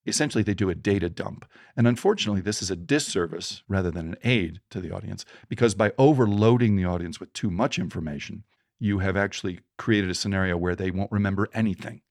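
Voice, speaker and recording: Low gravelly-voiced man telling stories. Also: no echo, studio quality. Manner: animated, acts out voices in anecdotes. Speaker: storytelling coach, guest. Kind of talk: conversational podcast storytelling.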